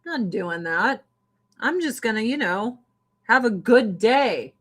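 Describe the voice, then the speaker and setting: A woman's voice: on the high side, expressive, unhurried, a bit bright. A woman in a casual political rant, blunt, sarcastic and often profane. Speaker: livestream host.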